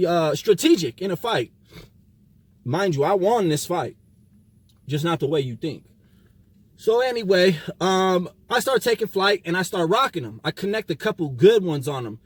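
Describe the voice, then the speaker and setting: A man with a high, husky voice tells a personal story in loose street slang. He swears freely and acts out every exchange. The room is dry and close. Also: no room sound. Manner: animated, profane street slang, acts out quotes. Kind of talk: casual storytelling.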